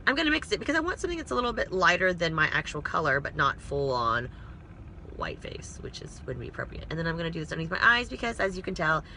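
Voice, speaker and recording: Sitting in a parked car, a woman does a makeup tutorial for her phone camera, rambling casually and making self-deprecating asides. Her voice is on the low side, sing-song and fast, with a bright, forceful tone and a little hiss or hum.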